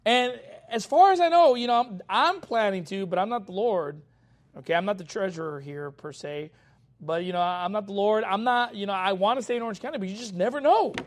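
A male pastor giving an expository sermon in a conversational way, often checking in with the congregation and reading scripture in a slower, raised voice. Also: high voice, animated.

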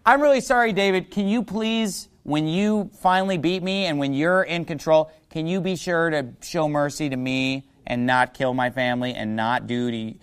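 A man's voice: a little high, normal speed, few pauses, clean tone, close to an everyday voice. A preacher voicing a self-pitying ancient king who pleads and whines for others to spare his honor. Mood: pleading. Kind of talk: preacher paraphrasing a Bible figure.

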